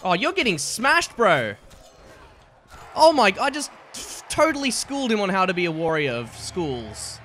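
A young man giving excitable, trash-talking commentary while playing a game, often laughing at his opponents. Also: high-pitched, normal speed, a little hiss or hum. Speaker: gaming YouTuber. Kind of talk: let's play commentary.

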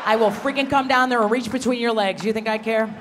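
A woman's voice: fairly high pitch, fast, noisy background. Brash woman comic, echoey hall. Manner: brash, crude, teasing the crowd, often shouting. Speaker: stand-up comedian. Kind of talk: live insult comedy set. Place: stage in a large theater before a live audience. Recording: live hall recording with loud audience.

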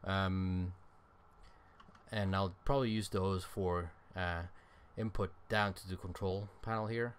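A slow-paced game streamer with a low pitch and steady tone talks over a little hiss or hum. His casual let's-play commentary drifts as he thinks aloud, full of ums and uhs. He sounds drained and yawns.

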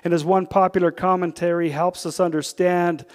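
A man with a Canadian accent, a pastor preaching a sermon, who swings from loud, emphatic peaks down to hushed, intimate asides. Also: high voice, little pitch movement, normal speed, big-room sound. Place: church sanctuary.

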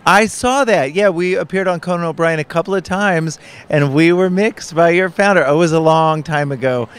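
Man author guest, smooth clear voice, slightly raised pitch, easygoing. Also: moderate pace. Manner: relaxed, self-deprecating, storytelling. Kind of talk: casual interview chat. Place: conference booth, indoors.

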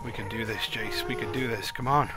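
A man's voice: on the low side, fairly even intonation, brisk, over loud music. A young man commentating his own gameplay in frantic, swearing bursts of repeated words.

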